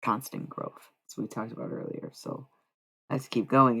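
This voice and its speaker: A woman streaming live, chatting casually and profanely with her viewers, rambling between quiet musing and loud bursts. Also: a bass voice, big pitch swings, normal speed, creaky, slight background noise. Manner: rambling, profane, talks to chat.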